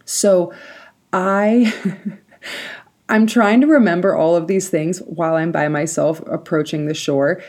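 Warm-voiced woman telling a lively story. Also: fairly low pitch, slow, pauses often. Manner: lively personal storytelling with frequent likes and laughs. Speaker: podcast host. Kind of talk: solo podcast storytelling.

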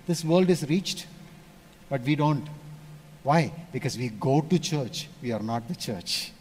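A man from India, preaching a sermon and telling stories, switching between loud emphasis and hushed asides. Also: mid-range voice, a little slow. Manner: storytelling, animated shifts between loud and hushed.

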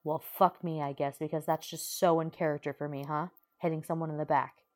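A foul-mouthed, hot-tempered young hero snarls every line, as a woman reads him out. The voice sits low and gravelly, sharp with contempt. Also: little pitch movement, a little fast. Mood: angry. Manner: snarling, sneering, swearing.

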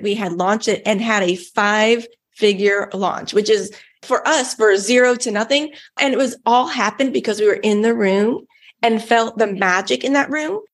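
Texan woman, podcast guest, chatty and upbeat, casual storyteller. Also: medium pitch. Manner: chatty and enthusiastic, many "like"s. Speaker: guest giving a testimonial.

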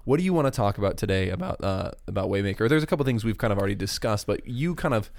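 A man's voice: lowish voice, animated, rapid-fire, vocal fry, darkish tone, dry recording. A man hosting a casual discussion about worship songs, chatty with frequent restarts. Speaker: worship podcast host.

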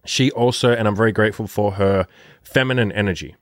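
Brief: young male dating coach, deep voice, dry close sound, blunt and profane. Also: fairly quick, no room sound. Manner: blunt, profane, rambling with many fillers. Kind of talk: casual vlog monologue.

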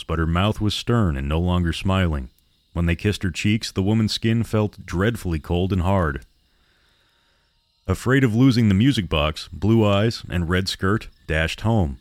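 Male horror-podcast narrator; deep, measured delivery, dry and close. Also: no room sound.

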